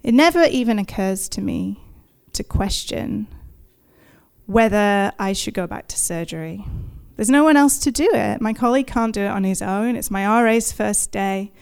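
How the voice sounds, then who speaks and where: A woman in her thirties, with an expressive mid-range voice carrying vocal fry and a darkish, clean tone, speaks at normal speed. She recounts a personal tale to an audience in the present tense, vivid and self-deprecating, with bursts of laughter.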